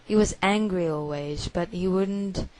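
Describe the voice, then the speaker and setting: Slow, low-voiced woman telling a confession. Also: rough recording. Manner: halting, hushed storytelling with many repetitions. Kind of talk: first-person spoken confession.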